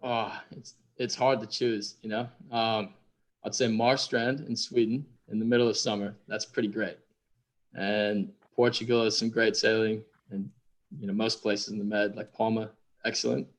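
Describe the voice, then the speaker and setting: A man from Minnesota, a guest sailor, talking in a relaxed, self-deprecating way full of "you know". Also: lowish voice, normal speed. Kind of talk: casual conversation.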